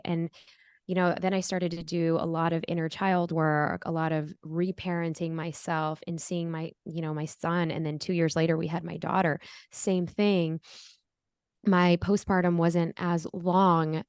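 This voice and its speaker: A woman's voice: fairly low pitch, level tone, measured pace, darkish tone, clear, resonant tone, dry recording, clean studio sound. A woman in her forties telling her own story earnestly as a podcast guest, acting out her past voice at times. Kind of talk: candid interview storytelling.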